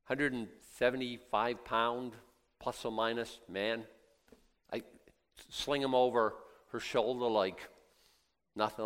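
A man preaching a sermon, swinging between quiet reflection and loud excited emphasis, acting out the voices of biblical figures and doubters. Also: medium pitch. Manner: laughs now and then, talks in restarts.

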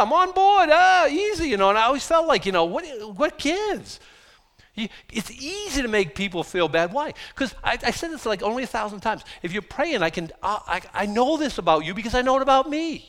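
A middle-aged male pastor preaching a sermon in a conversational, animated way, reading scripture slowly and then paraphrasing it casually, with sudden loud bursts. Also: high voice.

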